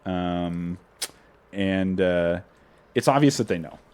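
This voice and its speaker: A man's voice: low-pitched, slow pace, a little mellow, smooth. A man hosting a casual podcast, retelling scenes in a rambling way. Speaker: podcast host. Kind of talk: casual recap chat.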